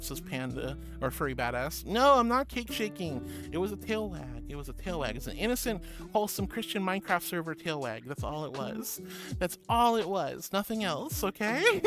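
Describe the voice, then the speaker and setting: A mid-pitched streamer chats through viewer messages, teasing and affectionate, laughing easily and calling everyone sweetheart. Steady background music runs clearly under the voice, picked up on a close desk mic. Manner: affectionate, playful, giggly, calls viewers sweetie and honey. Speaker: VTuber streamer. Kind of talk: casual livestream chat, reading viewer messages. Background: music playing.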